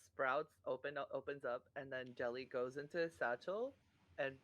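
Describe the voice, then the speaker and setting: Bright rambling man player. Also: mid-range voice, normal speed, muffled recording. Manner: rambling, full of fillers. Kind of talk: tabletop role-play.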